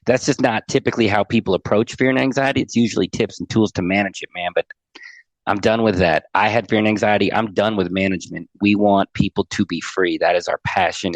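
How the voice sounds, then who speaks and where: A middle-aged man with a low voice earnestly shares a heartfelt personal story on a podcast as an anxiety coach, often repeating words as he goes. The recording has no room sound.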